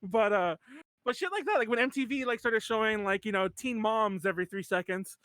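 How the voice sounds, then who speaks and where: High-pitched dude rambling on his podcast, like like like, laughs a lot, dry sound. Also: a little fast, pushed and bright, no room sound. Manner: rambling, full of "like" and restarts, laughs often. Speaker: podcast host. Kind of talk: casual podcast chat.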